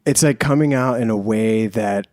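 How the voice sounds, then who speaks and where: A man's voice: lowish voice, moderate pace, darkish tone, no room sound, studio quality. Reflective man hosting a podcast. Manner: reflective, self-deprecating, brief backchannels. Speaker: podcast host. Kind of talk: casual podcast conversation.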